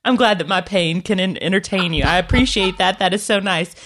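A middle-aged woman telling a story in casual chat, animated and often laughing. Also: medium pitch, a little fast.

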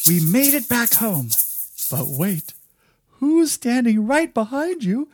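A woman hosting a preschool music and storytime podcast, leading children through songs and a story in an animated sing-song voice. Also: on the high side, slow, no echo, studio quality. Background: guitar music.

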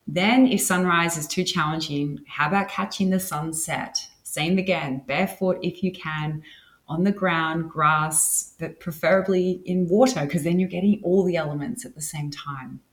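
A woman's voice: on the low side, fairly even intonation, normal speed. Laughing, enthusiastic woman podcast host. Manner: enthusiastic, laughs often between points. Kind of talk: solo wellness podcast talk. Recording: roomy echo.

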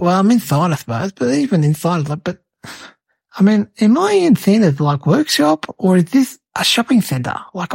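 A woman's voice: mid-range voice, gravelly, darkish tone, slightly rough, no echo, full character voice. A woman voicing a cheeky little boy, telling a silly story to the camera in a rambling, chatty way full of fillers.

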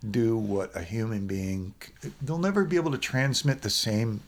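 A man, a musician guest, chatting on a podcast and telling animated stories about recording. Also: on the low side, moderate pace. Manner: animated storyteller, acts out quoted voices. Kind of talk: casual podcast conversation.

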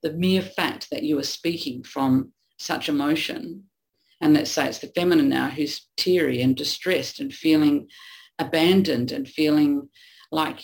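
A woman relationship coach earnestly explains a topic in a teaching conversation, acting out what partners say to each other. Her low, gravelly, somewhat mellow voice moves a little slowly, and the recording quality is low.

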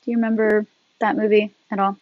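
A woman guest in a casual talk, telling her story in a chatty, animated way. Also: mid-range voice, quick pace, dry recording, highs cut off. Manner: animated, chatty, laughs often. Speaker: podcast guest.

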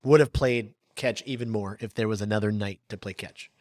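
A man in his forties hosting a podcast, telling a personal story in an animated, conversational way. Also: fairly low pitch, a little fast, dry recording, clean studio sound. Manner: animated storyteller, lively swings in loudness. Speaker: podcast host.

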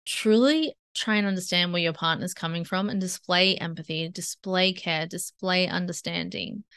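A woman hosting a solo relationship-advice podcast, talking conversationally and acting out inner dialogue in quick asides. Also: fairly low pitch, fairly bright tone. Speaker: podcast host.

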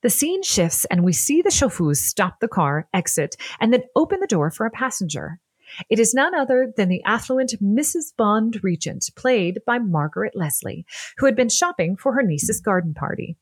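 A woman narrating a scripted history podcast in an expressive, playful way. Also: mid-range voice, moderate pace, slightly rough, dry recording. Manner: expressive and playful, laughs often.

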